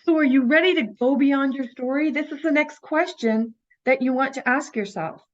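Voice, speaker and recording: In a muffled recording, a high-voiced woman leads an inner-child healing course at a moderate pace. Her tone is earnest as she coaches listeners by posing rhetorical questions.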